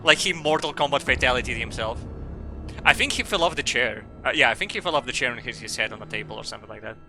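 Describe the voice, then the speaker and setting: A man's voice: mid-range voice, animated, quick pace, creaky, over music. A man streaming a game, reading its dialogue aloud and joking crudely, rambling with lots of fillers.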